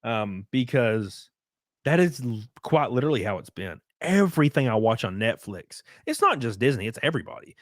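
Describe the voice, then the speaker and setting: A man's voice: mid-range voice, big pitch swings, moderate pace, no room sound. Male streamer host with a loose, filler-heavy ramble and a dry, close mic sound. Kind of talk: casual podcast chat.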